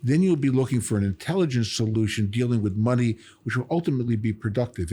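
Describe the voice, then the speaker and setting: A man's voice: mid-range voice, expressive, a little fast, few pauses, dark tone, slightly rough. A man speaking as a business lawyer in a panel discussion, explaining points with everyday analogies.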